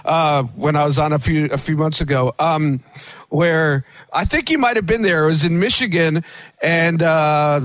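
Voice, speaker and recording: A man's voice: a little high, normal speed, fairly bright tone, no room sound. A man telling wrestling stories in a casual interview, rambling with many restarts.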